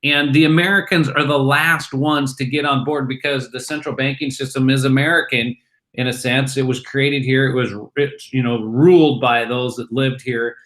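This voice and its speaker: A middle-aged man, a guest from a crypto company, talking excitedly in an interview and acting out snippets of conversation. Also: mid-range voice, moderate pace. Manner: excited, acts out bar chatter in voices. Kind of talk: animated interview talk.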